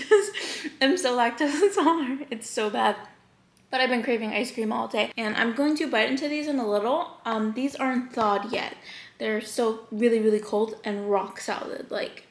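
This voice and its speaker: A woman's voice: a little high, a little hiss or hum. Bubbly young woman vlogger in echoey room. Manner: bubbly and chatty, laughs often. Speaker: YouTuber. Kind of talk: mukbang vlog chat.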